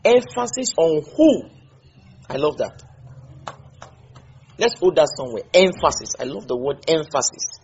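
Animated man teaching scripture. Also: a little high, normal speed, long pauses, a little hiss or hum. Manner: animated, repeats and stresses words, calls on people. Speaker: Bible study teacher. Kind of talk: Bible study teaching. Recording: muffled lo-fi recording.

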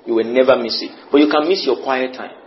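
A man preaching a sermon, swinging between quiet murmured prayer and excited high shouts. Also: fast, highs cut off, slight background noise.

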